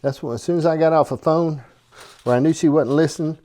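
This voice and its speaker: A man with a drawl chats his way through a recipe in his home kitchen, ribbing the person behind the camera. His voice rides a little higher than most men's, and he keeps checking in with "okay?" as he talks. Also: fast talker, mellow. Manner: folksy, joking, keeps asking "okay?". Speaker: cooking show host. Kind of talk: casual kitchen chat to camera.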